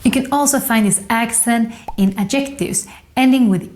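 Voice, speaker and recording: A woman with a Swedish accent giving a scripted pronunciation lesson, slowly drawing out example words in a sing-song lilt. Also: darkish tone. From Sweden. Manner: slow, carefully drawn-out demonstration words with sing-song pitch. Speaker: language teacher.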